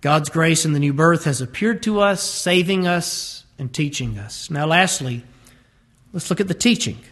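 High-voiced emphatic male preacher. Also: animated, moderate pace, a bit bright. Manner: emphatic, varies pace to stress words. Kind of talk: sermon.

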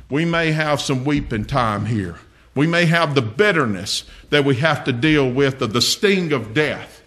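A man's voice: fairly high pitch, a bit bright. An older man preaching a sermon, folksy and earnest, telling homely stories with humor.

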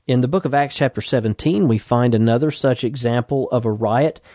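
A man's voice: mid-range voice, dark tone, no echo. Man preaching a sermon, dry sound. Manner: reads scripture aloud in King James wording, slows for emphasis.

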